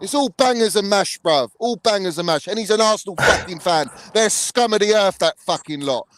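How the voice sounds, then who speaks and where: A man's voice: high voice, expressive, a little fast, fairly bright tone, no echo. A young man hosting a heated live chat, ranting angrily, swearing and saying "bruv" a lot. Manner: angry, sweary, repeats "bruv" often. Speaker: channel host.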